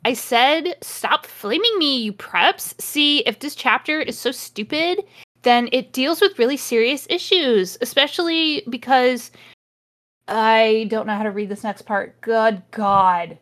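A woman co-hosting a comedy podcast reads a story aloud. She drops in sardonic asides, and her voice sits a little high. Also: measured pace, a bit bright. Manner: sardonic, breaks off to comment.

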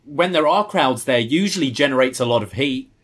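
A man's voice: mid-range voice, expressive, a little fast, fairly bright tone. A man co-hosting a podcast, sharing thoughtful opinions on wrestling in casual chat with frequent fillers. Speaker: podcast co-host.

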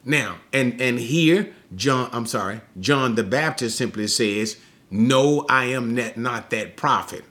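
A man's voice: medium pitch, takes it slowly, bright, forceful tone. A man giving an expository Bible lesson, explaining a passage step by step and often checking in with the listeners. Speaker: Bible teacher.

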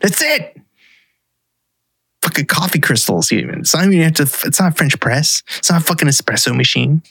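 A man in casual podcast chat, telling animated stories, swearing freely and laughing often. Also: on the high side, a little fast, gravelly, breathy edge, no room sound, clean studio sound.

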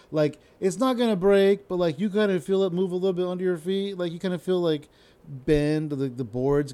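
A man's voice: mid-range voice, mellow. A young adult man hosting a podcast, telling a rambling, self-interrupting story with casual swearing. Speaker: podcast host.

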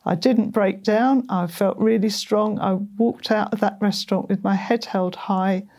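Slow, gravelly middle-aged woman. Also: mid-range voice, steady tone, darkish tone. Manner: earnest and halting, with many ums and repeated words. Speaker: guest sharing a testimony. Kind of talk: personal faith testimony in an interview.

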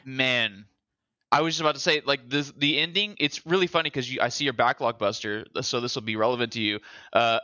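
Bright, animated man swearing often. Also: medium pitch, no room sound, dull audio. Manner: animated, swears a lot, quick to laugh. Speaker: podcast co-host. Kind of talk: casual chat.

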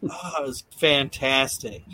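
A male podcast host recaps wrestling shows in rambling, profane casual chat stuffed with fillers. His mid-range voice is unhurried and sharp, and the recording has no room sound.

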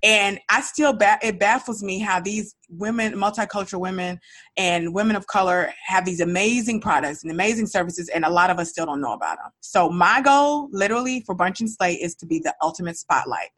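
A woman's voice: medium pitch, fairly quick, no room sound. A woman hosting her own podcast, talking casually and with energy straight to her listeners. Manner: chatty, animated, speaks directly to listeners. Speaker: podcast host. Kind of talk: casual solo podcast talk.

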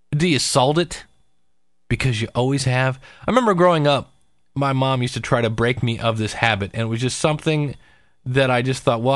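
A man's voice: mid-range voice, no room sound. A middle-aged man chatting casually in a personal vlog, rambling with restarts and cheering himself and his viewers on to keep losing weight. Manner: chatty, self-deprecating, pep-talk tone. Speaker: weight-loss vlogger.

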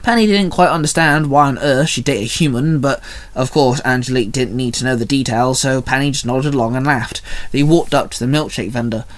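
A man's voice: medium pitch, brisk. A man reading fan fiction aloud as narrator, in a plain storytelling read.

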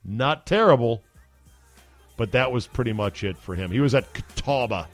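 A man's voice: lowish voice, fairly quick, faint music behind. A male podcast host, chatting casually and easily amused, with frequent fillers. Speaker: sports radio podcast host.

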